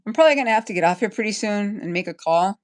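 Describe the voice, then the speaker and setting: A woman rants heatedly on a livestream, swearing nonstop and circling back on herself. Her voice sits at an ordinary middle pitch, her talk rambling and worked up. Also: animated, very fast. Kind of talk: angry livestream rant.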